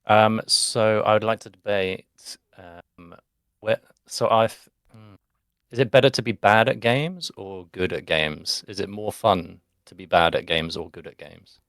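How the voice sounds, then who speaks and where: A man joining a stream as a voice chat guest, hesitant and soft-spoken in casual chat. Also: fairly low pitch, unhurried, no echo, studio quality.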